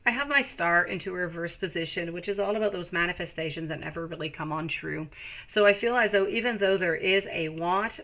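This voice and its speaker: A woman's voice: lowish voice, gravelly, pushed and bright. A woman giving live tarot readings to viewers, reassuring and calling them sweetie. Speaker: tarot reader.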